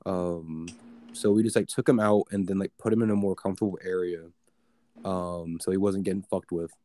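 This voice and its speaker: A man's voice: sits low, steady tone, moderate pace, dark tone, no room sound, clean studio sound. A young man telling a story in casual chat, rambling with many fillers and swearing. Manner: rambling, filler-heavy, profane.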